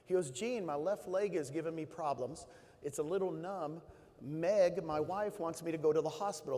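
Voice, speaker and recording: A man's voice: a little high, warm tone. A man giving an emotional motivational talk to an audience, telling stories and building to emphatic bursts. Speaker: motivational speaker. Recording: long hall reverb.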